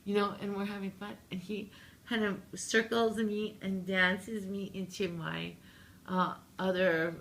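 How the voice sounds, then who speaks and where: Gravelly-voiced woman telling a funny story. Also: mid-range voice, a little slow, a little hiss or hum. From Canada. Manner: animated, jokey, acts out her own lines. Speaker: interview guest, singer-songwriter. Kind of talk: casual storytelling interview.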